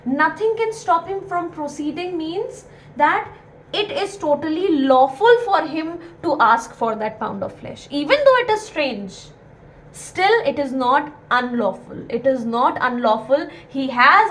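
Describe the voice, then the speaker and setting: A woman's voice: high-pitched, poor audio. A young woman, explaining a play to students in an earnest, repetitive way with many fillers. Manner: earnest, repeats key points with many fillers. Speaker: teacher.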